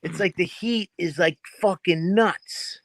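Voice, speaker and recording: A man co-hosting a podcast in casual chat, a profane, animated storyteller who acts out noises. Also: high voice, slow pace, dry recording. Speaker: podcast co-host. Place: home in New Hampshire, crickets behind.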